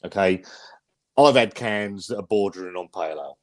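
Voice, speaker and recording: A man hosting a relaxed livestream, talking bluntly and swearing freely. He rambles, restarting his sentences as he works through his points. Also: low-pitched, normal speed. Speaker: host. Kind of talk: casual livestream beer chat.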